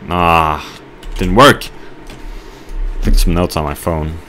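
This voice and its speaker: A man giving rambling let's play commentary, telling a halting story with mock outrage while he plays. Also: sits low, pushed and bright, faint music behind. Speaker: gamer.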